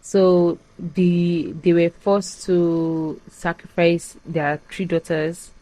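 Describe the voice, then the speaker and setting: Young woman chatting thru a movie recap, lowish voice, dry close sound, lots of likes n you knows. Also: drawn-out words, no echo, poor audio. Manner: chatty, animated retelling with filler words. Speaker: podcast host recapping a film. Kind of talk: casual chat.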